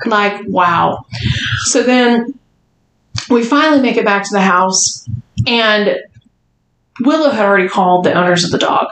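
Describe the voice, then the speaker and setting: A woman's voice: medium pitch, measured pace, pauses often. A woman podcast host telling a story casually, swearing a lot and acting out what people said. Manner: profane, animated, quotes people. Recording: roomy echo, faint noise.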